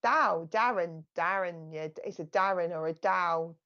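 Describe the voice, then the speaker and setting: A woman psychic medium giving a live reading in a soft, chatty way, often thanking the spirits aloud. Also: fairly low pitch, unhurried, highs cut off.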